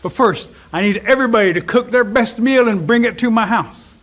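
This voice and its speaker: Sly little trickster rabbit, coaxing and scheming, pitched up high, played by a man. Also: brisk, a bit bright.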